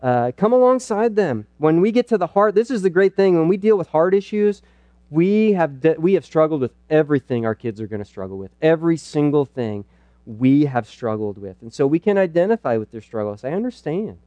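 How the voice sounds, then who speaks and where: Middle-aged male pastor, earnest and chatty, slightly high voice, mellow tone, dry close sound. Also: expressive, a little fast, no room sound, dull audio. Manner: earnest and conversational, with playful asides. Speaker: pastor speaking at a parenting night. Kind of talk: church teaching talk.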